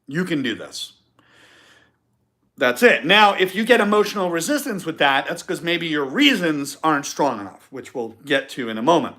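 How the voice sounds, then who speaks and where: A man with a somewhat high, bright and forceful voice hosts a live-stream podcast talk. He speaks emphatically, drives his points home by repeating them, and acts out short example phrases. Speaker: podcast host.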